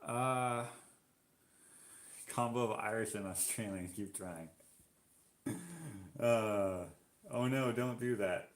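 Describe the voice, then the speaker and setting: A man's voice: lowish voice, takes it slowly, pauses often. Chatty Canadian man in roomy echo. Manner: chatty, reacting aloud to viewer comments. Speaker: live-stream host. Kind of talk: casual chat reading live comments.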